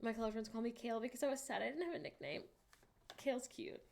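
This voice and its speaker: A woman in her late twenties, hosting a livestream in a casual, candid chat and reading viewer messages aloud with animated asides. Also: a little high, fast talker, gravelly. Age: late 20s. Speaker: livestream host.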